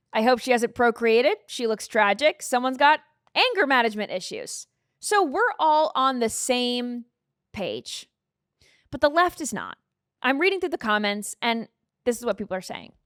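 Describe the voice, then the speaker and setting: A woman's voice: fairly high pitch, dry recording, clean studio sound. A woman hosting a live-stream commentary show, chatting in an opinionated way and reading out viewer comments. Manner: opinionated, conversational, reads out comments. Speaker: host.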